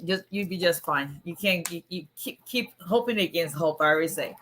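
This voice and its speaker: A hoarse woman immigration attorney on a casual livestream, chatting and greeting viewers by name. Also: fairly low pitch, unhurried, pushed and bright. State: hoarse, voice nearly gone.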